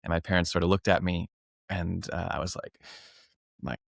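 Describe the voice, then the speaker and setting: A man's voice: low-pitched, fairly even intonation, moderate pace, creaky, no echo. A man, a professional clown and teacher, telling a rambling story in a casual interview, laughing often and restarting his sentences.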